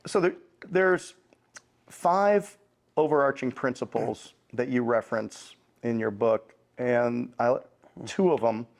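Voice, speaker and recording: Man asking measured interview questions. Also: medium pitch, creaky. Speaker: podcast host.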